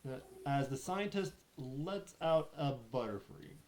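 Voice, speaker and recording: A man narrating as game master of a tabletop role-play session, often pausing and restarting his phrases. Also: on the high side, expressive, a little mellow, a little hiss or hum.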